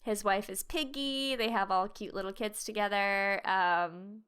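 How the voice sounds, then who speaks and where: A woman with a smooth, clean voice gushes happily on a podcast and fills her sentences with likes and ums. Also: mid-range voice, steady tone, unhurried, fairly bright tone. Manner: enthusiastic, giggly, lots of likes and ums. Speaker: podcast co-host. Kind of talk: casual chat.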